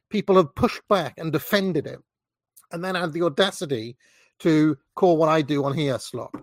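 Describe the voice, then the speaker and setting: A man's voice: on the high side, normal speed, no room sound, clean studio sound. Sweary, sarcastic man ranting. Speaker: online commentator. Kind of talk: ranting commentary vlog.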